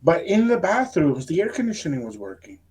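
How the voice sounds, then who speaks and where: A man's voice: fairly high pitch, brisk, a crowd in the background. Middle-aged man, podcast co-host, easygoing storyteller, mixes in a little Spanish. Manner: relaxed storyteller, slips into Spanish phrases. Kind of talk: casual storytelling chat.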